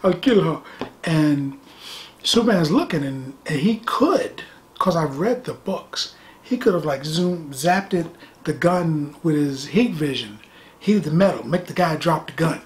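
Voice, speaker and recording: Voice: medium pitch, expressive, unhurried, a little hiss or hum. A middle-aged movie reviewer talking casually and animatedly, with sarcastic asides and phrases repeated for effect.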